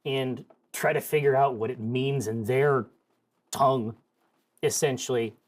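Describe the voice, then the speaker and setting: A man playing in a tabletop role-playing game, talking casually and excitedly, often restarting his sentences. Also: medium pitch, measured pace. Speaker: player.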